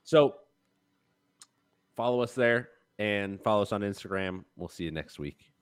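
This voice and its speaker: A man's voice: lowish voice, a little slow, clear, resonant tone. Joking young man co-host. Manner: joking, playful heckling. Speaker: podcast intern and co-host. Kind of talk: casual podcast banter.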